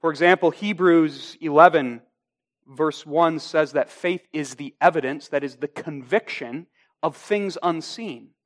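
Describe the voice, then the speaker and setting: A man with a high voice delivers a sermon as a pastor. He speaks deliberately and with emphasis, stretching out key phrases to drive his point home.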